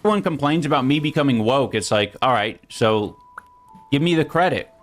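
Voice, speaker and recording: A man's voice: medium pitch, expressive, fairly quick, faint music behind. A man talking casually and a little hesitantly in a video clip. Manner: conversational, hesitant.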